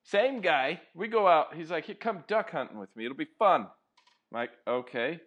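A man's voice: on the high side, lively intonation, moderate pace, fairly bright tone, lo-fi sound. A man chatting casually, laid-back and agreeable, telling a story. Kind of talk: casual chat.

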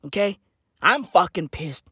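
A vlogger ranting to camera in a slangy, profanity-filled comedic monologue, repeating "bruv" and "fam," with a voice going hoarse. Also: mid-range voice, animated, measured pace, pushed and bright, no room sound, studio quality. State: losing their voice, hoarse.

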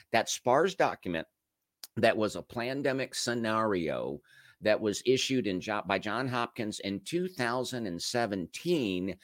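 A man's voice: lowish voice, a bit bright, no room sound, clean studio sound. A man from Canada hosting a livestream, talking casually to his chat and firing off strings of rhetorical questions. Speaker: livestream host. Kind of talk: casual commentary to a live chat.

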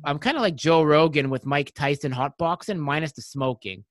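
A man's voice: on the high side, normal speed, dry recording, studio quality. A man hosting a casual podcast interview, telling rambling stories and correcting himself as he goes. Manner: rambling, self-correcting storytelling. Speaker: podcast host.

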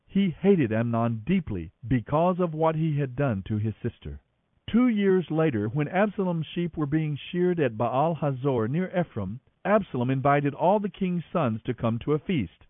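A man reading a Bible story aloud as scripted narration, with an expressive storytelling manner, over a tinny radio line. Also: on the high side, no echo. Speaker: Bible reader on a radio program.

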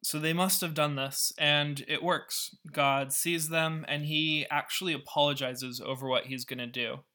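A man's voice: on the high side, pushed and bright. A man and podcast host who explains a scripture story in a casual, wry way, with asides. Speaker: podcast Bible teacher.

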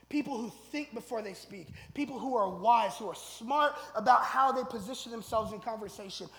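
Male pastor, very high voice, conversational sermon, builds to loud emphatic bursts, echoey church hall. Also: normal speed, hardly any pauses. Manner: conversational, tags lines with "right?", builds to loud emphatic stretches. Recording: echoey hall, long reverb.

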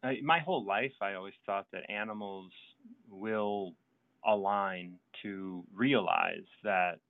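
A man hosting a casual chat, talking in a halting, reflective way with many fillers. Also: lowish voice, no echo. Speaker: podcast host. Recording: tinny phone-like line, dry.

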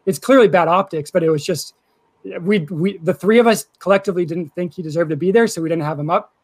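A man on a podcast calmly explaining his reasoning, with some hesitation. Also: high voice, fast talker. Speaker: podcast co-host. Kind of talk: casual podcast chat.

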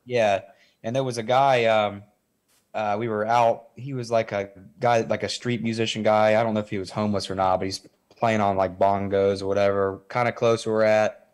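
A man's voice: lowish voice, flat delivery, normal speed. A man from the congregation telling a casual, rambling testimony story, full of "like" and fillers. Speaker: church member giving testimony.

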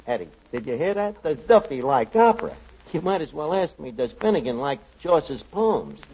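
An actor playing a brash, scheming male bartender in a 1940s radio comedy, talking fast and wisecracking. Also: a little high, big pitch swings, breathy edge, heavily acted. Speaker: show's lead character. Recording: dull old radio broadcast before an audience.

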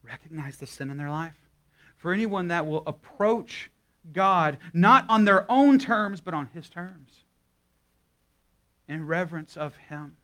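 A man's voice: fairly high pitch, lively intonation, unhurried, long pauses, fairly bright tone. Folksy man preaching a sermon. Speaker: guest pastor. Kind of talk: sermon with story and prayer. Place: church service before a live congregation.

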